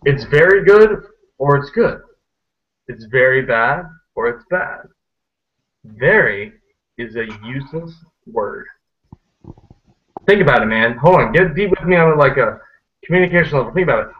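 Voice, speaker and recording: A man's voice: mid-range voice, animated, normal speed, long pauses. A man hosting a casual online group chat, making his points emphatically and repeating them, often tagging "man" on the end. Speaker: host of an online hangout. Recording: muffled lo-fi web call audio.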